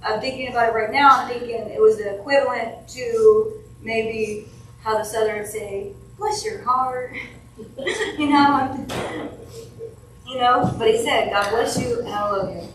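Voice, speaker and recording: A woman delivers a eulogy from her notes in a funeral home chapel, her slightly high voice halting and emotional. She is heard from a distance in a very echoey hall, with faint room noise behind her. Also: fairly even intonation. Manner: emotional, halting, with restarts and soft laughs. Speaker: family member giving a eulogy.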